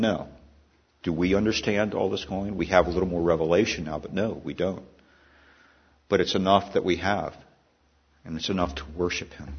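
A man's voice: low-pitched, breathy edge, highs cut off. A man preaching a sermon in a conversational way, asking the congregation questions and restarting phrases as he goes. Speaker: pastor.

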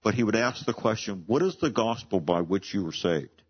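A man's voice: fairly low pitch, lively intonation, normal speed, breathy edge, highs cut off. A man preaching a sermon as pastor, explaining scripture earnestly and reading verses aloud with rising emphasis.

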